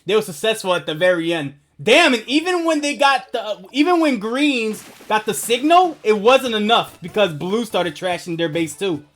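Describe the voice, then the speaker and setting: Animated high-voiced man streaming a game. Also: moderate pace, few pauses. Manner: profane, rambling, laughs often. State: asthmatic. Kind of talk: casual gaming stream chat.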